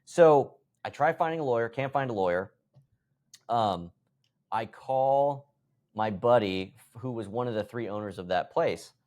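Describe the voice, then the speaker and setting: A man's voice: mid-range voice, animated, unhurried, darkish tone. A man in his thirties, a podcast guest, telling a story casually and animatedly, acting out conversations and swearing freely. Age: 30s.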